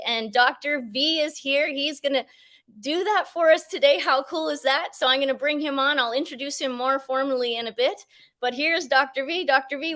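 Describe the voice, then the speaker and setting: A woman's voice: high-pitched, normal speed, a bit bright. A woman hosting a live show, effusive and enthusiastic, laughing often as she talks. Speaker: show host. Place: outdoors near a mountain.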